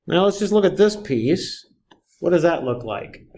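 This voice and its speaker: A man's voice: a little high, expressive, unhurried, gravelly, darkish tone. Man lecturing with constant tag questions. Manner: asks the class frequent tag questions. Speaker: math lecturer. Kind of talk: classroom lecture.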